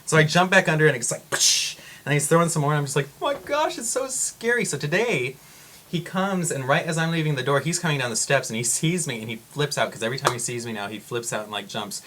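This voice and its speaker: A man vlogging to camera, telling a story in a rambling, excitable way with frequent exclamations. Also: mid-range voice, quick pace, slight background noise.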